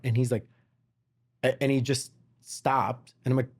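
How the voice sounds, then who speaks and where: A man hosting a podcast, telling animated stories and acting out the dialogue in casual chat. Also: medium pitch, measured pace, slightly rough. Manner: animated storyteller, acts out dialogue. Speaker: podcast host.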